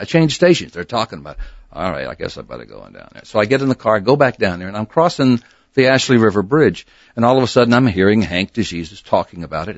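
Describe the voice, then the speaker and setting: Animated older man telling radio stories. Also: lowish voice, no echo, highs cut off. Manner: animated, swings into voices, laughs easily. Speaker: former radio disc jockey, guest. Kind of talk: casual storytelling interview. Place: radio studio.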